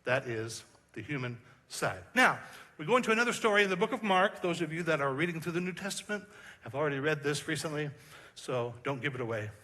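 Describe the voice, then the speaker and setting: A man preaching a sermon as pastor, animated and joking with the congregation, slowing down for emphasis. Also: a little high. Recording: hall reverb.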